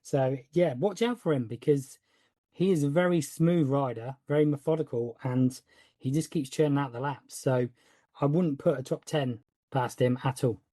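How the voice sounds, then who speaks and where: Mellow-toned West Country podcast host. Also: male voice, medium pitch, normal speed, no room sound. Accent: West Country English. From West Country of England. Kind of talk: casual podcast chat.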